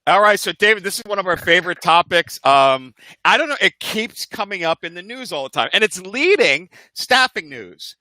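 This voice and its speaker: A man co-hosting a podcast in casual chat, animated and firing off rhetorical questions. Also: high-pitched, normal speed, no echo. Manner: animated, jumps between topics with rhetorical questions. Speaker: podcast co-host.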